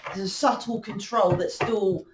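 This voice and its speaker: A woman's voice: mid-range voice, steady tone, measured pace, reverberant, background noise. A woman hosting a spiritual channel, talking casually and rambling with many restarts and fillers. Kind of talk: casual spiritual talk to camera.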